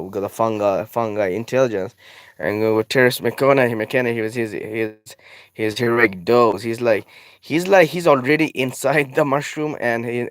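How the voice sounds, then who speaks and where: Guy riffing about his art, laughs a lot, swears, dry room, not high not low. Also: no echo. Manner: rambling, profane, laughing often, trailing off. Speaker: artist describing his drawing. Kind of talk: casual rambling commentary.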